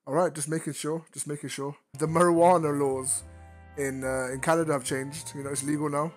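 A man's voice: a little high, fairly even intonation, a little fast, soft background music. A man hosting a casual comedic interview in a game chat, laughing, teasing and stammering over his words. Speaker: interview host. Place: virtual world game chat.

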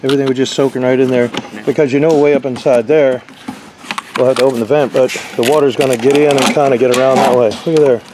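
A man's voice: medium pitch, fairly even intonation, quick pace, noisy background. A man giving a casual, rambling job-site walkthrough of an RV roof repair, with lots of fillers. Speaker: RV roof installer.

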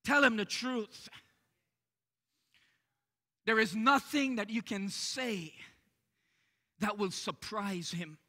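Pastor guy preaching sunday, really high bright voice, lots of uh's between phrases. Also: slow, long pauses. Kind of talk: church sermon. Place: church sanctuary during service.

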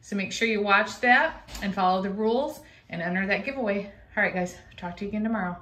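A woman's voice: mid-range voice, fast, fairly bright tone. Chatty woman vlogging while grooming her dog. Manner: chatty, talks to her dogs in a sing-song baby voice. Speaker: pet vlogger. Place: home grooming area indoors. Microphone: handheld phone camera.

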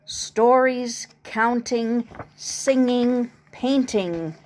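A woman voicing an eager young male turkey in a picture-book reading, excited and a little higher than her reading voice. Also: very slow, slight background noise. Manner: excited, gobbles loudly.

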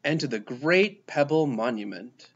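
Lively man reading a picture book. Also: mid-range voice, unhurried, dull audio, slight background noise. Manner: lively, expressive reading with voiced characters. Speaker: storybook reader. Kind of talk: children's picture book read-aloud.

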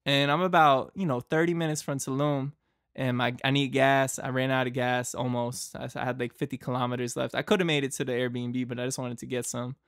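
A man's voice: medium pitch, little pitch movement, a little fast, fairly bright tone, no echo, studio quality. A young man from Boston, hosting a podcast and telling a travel story in a loose, rambling way, full of fillers and laughs. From Boston, United States. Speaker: podcast host.

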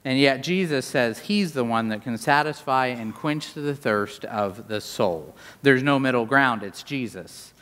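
A man preaching a sermon in a church, animated, with wide swings in pitch and volume. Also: measured pace, few pauses. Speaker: pastor. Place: large church sanctuary. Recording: long hall reverb.

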